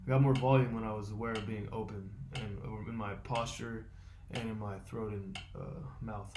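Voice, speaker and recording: A man talking through his vocal warm-up routine, explaining step by step and thinking aloud with fillers. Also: on the low side, flat delivery, moderate pace, background noise. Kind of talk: casual instructional vlog.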